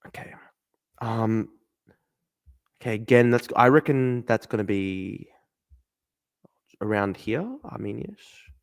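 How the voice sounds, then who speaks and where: A man's voice: lowish voice, slow pace, vocal fry, long pauses, clean tone. A man hosting a casual livestream, talking himself through a guessing game. He mutters asides, swears often and breaks into exasperated outbursts. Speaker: livestream host.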